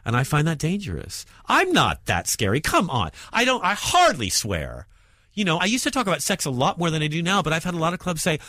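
A provocative comedian, a man, talking in an interview. His pitch leaps and drops all over as he jabs and mutters. The recording is close and completely dry. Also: fairly quick, dry recording. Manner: provocative, animated, swings between loud jabs and muttered asides. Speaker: stand-up comedian.

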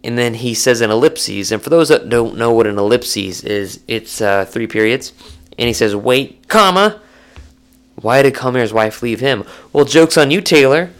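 A young man hosting a solo sports podcast, talking casually in jokey rants that swing between excited highs and low mumbles. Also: normal speed.

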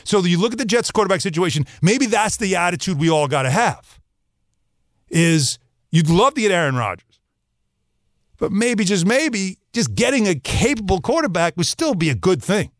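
Animated man in a sports talk rant. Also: high-pitched, moderate pace, no room sound, clean studio sound. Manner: emphatic, animated, talks straight to listeners. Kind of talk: opinionated sports commentary monologue.

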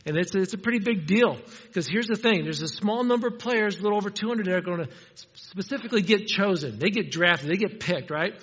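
A man with a high voice preaches a sermon, talking conversationally and asking his listeners questions. His voice trails off into a long hall reverb. The recording sounds dull and muffled. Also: brisk, a bit bright, breathy edge. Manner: conversational, asks the congregation questions.

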